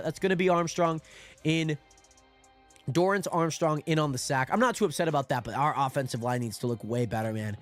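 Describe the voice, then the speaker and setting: Hosting a football watch party stream, a young man with a somewhat high voice delivers live commentary at a brisk clip. His calm play-by-play breaks into excited shouting when big moments hit, while faint music plays behind him.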